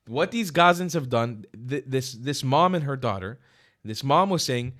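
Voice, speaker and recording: A man hosting a reaction vlog, talking bluntly with lots of swearing and emphasis, swinging from loud outbursts to quiet asides. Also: a little high, expressive, fairly quick. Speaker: reaction video host. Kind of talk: casual opinionated commentary. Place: lives in Israel.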